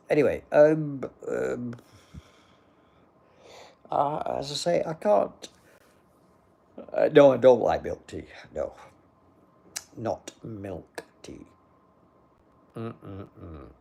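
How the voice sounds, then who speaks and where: A man's voice: low voice, creaky, mellow, slightly rough. An older man who chats in a casual, dry and rambling way as he answers live comments into a phone. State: sleepy, yawning. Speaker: livestream host.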